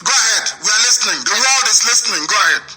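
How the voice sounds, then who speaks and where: Fiery high-voiced male radio host. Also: animated, rapid-fire, low-quality recording. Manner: forceful, rallying, repeats phrases for emphasis. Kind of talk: fiery radio call-in talk.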